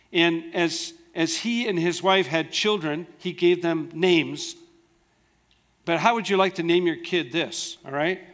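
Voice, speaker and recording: Earnest preaching man, slightly high voice. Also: fairly bright tone. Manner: earnest, conversational preaching with rhetorical questions. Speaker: pastor. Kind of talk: sermon. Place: church.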